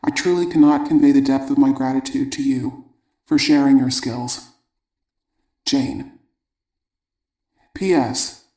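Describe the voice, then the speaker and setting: A man narrating an audiobook, reading letters aloud in a measured, even way. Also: medium pitch. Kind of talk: scripted narration. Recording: roomy echo.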